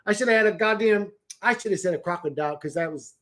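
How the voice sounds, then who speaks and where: A man's voice: high voice, fast, a bit bright. Rambling, profane man livestreaming. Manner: rambling, profane, restarts words. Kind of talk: casual livestream chat.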